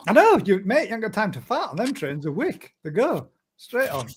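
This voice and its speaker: A Northern English man with a fairly high voice hosts a relaxed live chat. He talks in broad dialect, tells stories with lots of restarts and laughs easily. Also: normal speed, a little hiss or hum. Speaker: show host. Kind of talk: casual live-stream chat.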